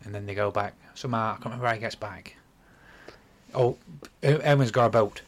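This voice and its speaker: Rambling man, low voice. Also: a little fast. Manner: rambling retelling, apologizes often. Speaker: podcast host. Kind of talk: casual chat.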